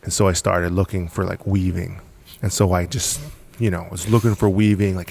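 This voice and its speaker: A business founder guesting on a podcast talks a little fast with few pauses, his low, darkish voice level in tone and touched with vocal fry. He tells how he launched the business casually, emphatic and repetitive, laughing often.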